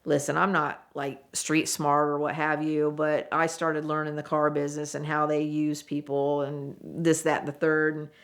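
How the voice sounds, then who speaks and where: A woman, once a car saleswoman, telling a story in a casual, animated way and acting out what people said. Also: deep voice, moderate pace, few pauses.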